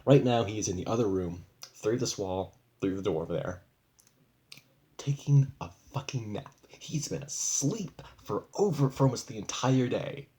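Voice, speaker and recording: Low-voiced young man venting, profane. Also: animated, normal speed, mellow. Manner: rambling, profane, frustrated. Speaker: vlogger. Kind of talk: casual venting vlog.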